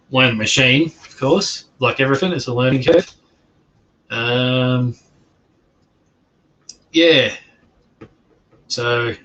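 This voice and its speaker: An Australian man hosting a casual livestream, chatting in a slow and rambling way with many fillers and restarts. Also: mid-range voice, bright, forceful tone, highs cut off, a little hiss or hum. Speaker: livestream host. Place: home during lockdown.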